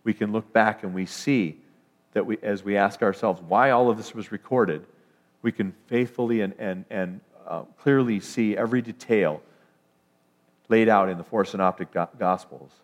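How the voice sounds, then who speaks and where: A man delivers a sermon in a fairly low voice. He speaks emphatically, climbing in pitch and volume as he declares his points. He often restarts his phrases mid-thought. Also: normal speed. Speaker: preacher.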